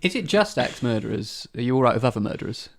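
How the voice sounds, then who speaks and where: A man co-hosting a comedy podcast, throwing in quick, dry quips. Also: medium pitch, very animated, vocal fry, no room sound. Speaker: podcast co-host. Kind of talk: casual comedic chat.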